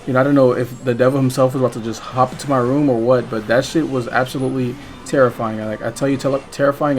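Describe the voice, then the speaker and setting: A man's voice: medium pitch, fairly even intonation, quick pace, hardly any pauses, a little hiss or hum. Young guy gaming and rambling thru a story, swears a lot, lots of likes and ums. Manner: rambling, profane, filler-heavy storytelling. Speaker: gaming vlogger. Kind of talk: casual storytime while playing a game.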